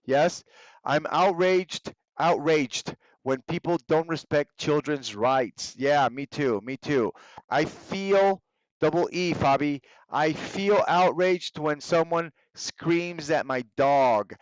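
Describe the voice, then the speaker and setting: A young man teaches English to students in a live online class, his plain as he moves between the two languages. His voice sits fairly high and he takes each word slowly and carefully. The sound is dry and a little dull, like a basic streaming mic. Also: no room sound. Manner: patient, explains slowly, switches between English and Spanish.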